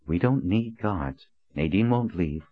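A stern, composed woman leader in an audiobook, read by a man in a low, calm, clipped voice. The sound is dry and a bit dull. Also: measured pace, dry recording. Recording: dull lo-fi recording.

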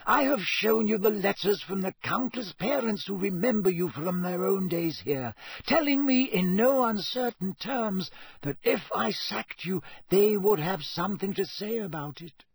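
A man voicing a calm, wry elderly male headmaster in a storybook reading, with a measured delivery. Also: sits high, husky, voice pushed up, full character voice.

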